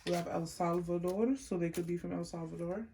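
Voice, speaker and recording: A woman giving a casual pick-a-card tarot reading, chatty and unhurried as she lists card words one by one. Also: fairly low pitch, fairly even intonation, dark tone, a little hiss or hum. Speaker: tarot reader.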